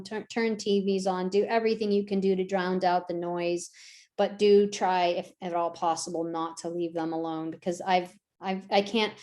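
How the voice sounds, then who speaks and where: A woman's voice: mid-range voice, darkish tone. A woman teaching a dog-training workshop in a conversational way, often adding "right?" and acting out quoted voices. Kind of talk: online workshop talk.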